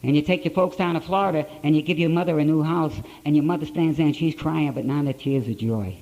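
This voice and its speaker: Middle-aged man, mellow warm tone, blunt plain-spoken storyteller at a podium, old conference tape. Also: on the high side, fast, highs cut off. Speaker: speaker at a recovery conference. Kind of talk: personal recovery story told to an audience.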